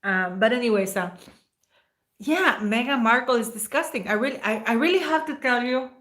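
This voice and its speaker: A woman's voice: on the high side, normal speed, a bit bright. A woman hosting a casual livestream, rambling and emotional as she thanks viewers by name. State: near tears at times. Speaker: livestream host.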